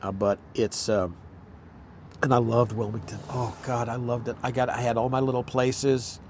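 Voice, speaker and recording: An older actor in a casual chat, telling rambling anecdotes and acting out quotes. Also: male voice, medium pitch, level tone, moderate pace, a little hiss or hum. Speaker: actor, guest.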